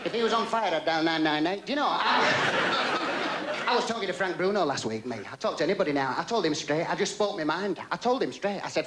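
A man doing a stand-up comedy routine on a theatre stage, with quick jokey patter and a running gag. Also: high voice, lively intonation, bright, forceful tone, a little hiss or hum. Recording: 1990s TV broadcast of a live theatre show. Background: audience laughter.

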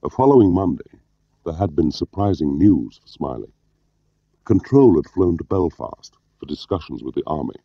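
A man narrating an audiobook in a measured, understated way. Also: sits low, sing-song, no echo. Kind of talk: scripted narration. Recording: dull lo-fi audio.

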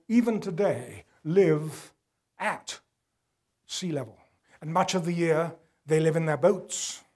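An older man giving a public lecture, earnest and emphatic, dropping his voice low to press home a point. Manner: earnest, emphatic, drops to quiet for weight. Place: gala event hall.

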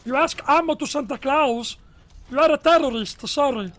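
An Italian man putting on a strange high voice in game chat, speaking slow, broken English and repeating his words. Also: a bit bright, a little hiss or hum. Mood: pleading. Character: man with strange squeaky high voice, pleading and earnest. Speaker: gaming YouTuber. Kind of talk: prank voice in online game chat.

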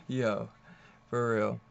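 A man's voice: on the low side, vocal fry. A man reviewing a comic book in a loose, rambling way, swearing freely and laughing often. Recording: dull lo-fi recording.

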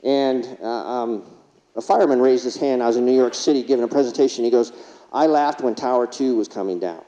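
This keynote speaker has a mid-range, mellow voice and talks a little fast. In a large conference hall he shares humorous anecdotes and poses rhetorical questions to the crowd; the sound is distant, with dull hall reverb.

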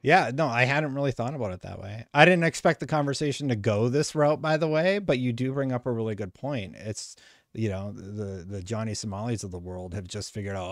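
A man's voice: medium pitch, brisk, no room sound, studio quality. A middle-aged man hosting a podcast in casual, earnest chat, often trailing into fillers. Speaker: podcast host.

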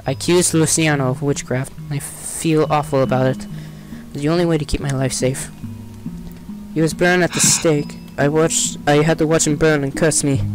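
A man voicing a grim young man who reads out a guilty diary in a low, somber tone over game music. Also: lightly acted, poor audio. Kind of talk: game dialogue read aloud. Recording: game music playing behind.

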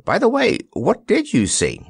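A man voicing a small, fussy, excitable wizard in a storybook reading, puffing out his words. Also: sits high, creaky, slightly rough, no room sound, clean studio sound, pitched above the performer's own voice, full character voice. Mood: brisk. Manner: puffing, quick exclamations.

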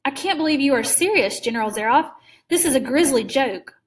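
A woman's voice: high-pitched, animated, brisk, recorded from a distance. A woman voicing a principled young male hunter in a storybook reading, earnest and indignant. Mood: shocked.

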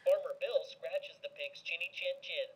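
A woman's voice: fairly low pitch, moderate pace, slightly rough, lo-fi sound. A woman voicing a talking farm toy in a game, reading short announcer lines in a singsong delivery.

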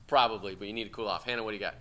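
A man's voice: fairly low pitch, steady tone, rapid-fire, a bit bright. A man teaching a class, talking bluntly and casually with profanity, quizzing students in a discussion. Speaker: instructor.

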